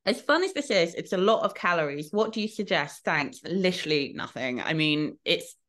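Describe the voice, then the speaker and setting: A woman's voice: fairly low pitch, expressive, normal speed, a bit bright. A woman co-hosting a podcast in casual chat, laughing often and swearing freely. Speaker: podcast co-host.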